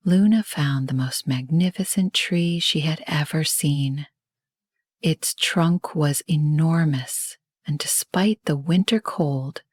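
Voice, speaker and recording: Soft-whispering woman bedtime storyteller. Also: low voice, breathy edge, dry recording, clean studio sound. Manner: soft, soothing.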